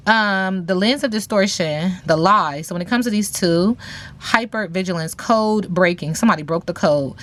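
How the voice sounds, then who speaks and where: A woman giving a casual tarot reading, talking in a sassy, slang-heavy way with playful teasing asides to viewers. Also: mid-range voice. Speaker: tarot reader.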